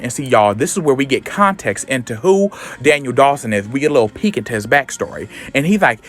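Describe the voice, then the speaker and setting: A man casually recapping a comic book, telling it in a sassy, animated way full of slang. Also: mid-range voice, fast talker, faint music behind.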